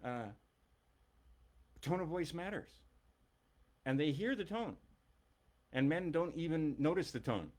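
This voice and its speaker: Animated middle-aged man ranting. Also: a little high, measured pace, long pauses. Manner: emphatic, blunt and profane. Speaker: teacher. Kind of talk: ranting monologue.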